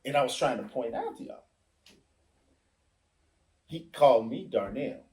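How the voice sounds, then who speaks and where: A man's voice: mid-range voice, expressive, a little slow, darkish tone, reverberant. A middle-aged man in a heated casual discussion, explaining himself emphatically and acting out what others said. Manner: emphatic, explains with acted-out quotes. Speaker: podcast host.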